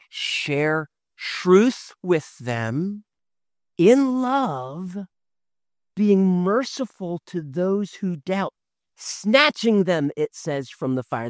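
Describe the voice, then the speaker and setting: A man, a father in his thirties, preaching a sermon, swinging from loud emphasis to hushed tones. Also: fairly high pitch, no echo, clean studio sound. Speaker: pastor.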